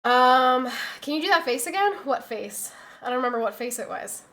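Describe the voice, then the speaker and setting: Chatty, bright-voiced woman streamer. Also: high-pitched, expressive, normal speed. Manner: chatty, exasperated storytelling, reads chat aloud. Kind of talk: casual livestream chat.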